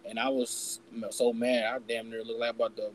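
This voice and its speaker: A man's voice: mid-range voice, little pitch movement, brisk, slight background noise, rough recording. A young man in casual podcast chat, telling a personal story candidly, swearing freely and acting out what people said. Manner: candid, swears freely, acts out quoted voices. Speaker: podcast host.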